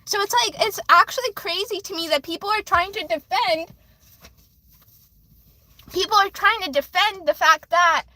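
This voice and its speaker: A woman's voice: extremely high pitch, moderate pace, pauses often, bright, forceful tone. A woman hosting a livestream with card readings, chatting casually and rambling emotionally straight to her viewers.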